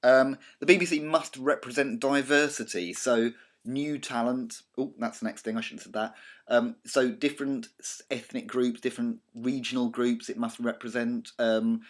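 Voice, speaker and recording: A man's voice: mid-range voice, normal speed. A man with a southern English accent, a college media teacher talking over slides in a recorded lecture, chatty and digressive with many ums and restarts. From Britain. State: slight cough.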